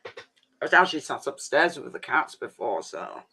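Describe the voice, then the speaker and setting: A man's voice: mid-range voice, big pitch swings, normal speed, gravelly, bright, forceful tone, breathy edge. A man chatting casually on a live stream, rambling and saying "flipping" a lot.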